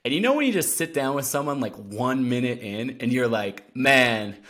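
A man as a podcast guest, telling a story in casual talk, animated and full of "like" fillers. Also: medium pitch, a little fast. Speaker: podcast guest, endurance athlete.

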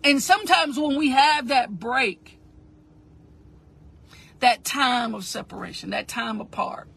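High-voiced woman with a preaching cadence. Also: takes it slowly, creaky, fairly bright tone, breathy edge. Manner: repetitive, emphatic preaching cadence; addresses listeners directly and asks them to repeat. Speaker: motivational speaker. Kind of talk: motivational talk.

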